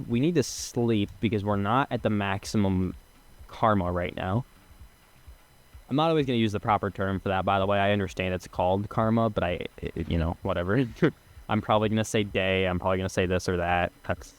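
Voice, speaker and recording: A young man giving casual let's-play commentary as a gaming streamer, chatty and excitable, swearing and laughing as he plays. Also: lowish voice.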